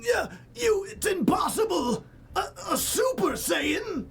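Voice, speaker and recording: A shrill, screeching cartoon alien tyrant, his voice jumping way up high into a near scream. He yells in a panic and sounds a little distant from the mic. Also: very animated, slow, vocal fry, a little hiss or hum, heavily acted. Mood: furious disbelief. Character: shrieking alien tyrant villain, male.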